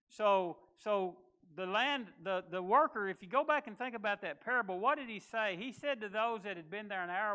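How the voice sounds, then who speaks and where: A pastor delivers a sermon in a folksy, conversational manner. His voice sits high and sounds bright and forceful. He slips into quick acted voices when quoting people.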